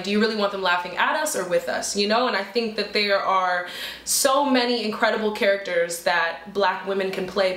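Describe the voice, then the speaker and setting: A young woman, a singer and comedian, talking candidly about her name in an interview, acting out the people she quotes. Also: lowish voice. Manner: animated, acts out quoted people. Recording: roomy echo.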